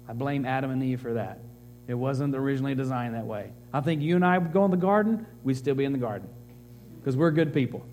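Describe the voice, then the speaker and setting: A man preaching a sermon as pastor, growing animated and emphatic as he reads scripture to the congregation. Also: mid-range voice, a little hiss or hum. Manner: animated, rising to excited emphasis.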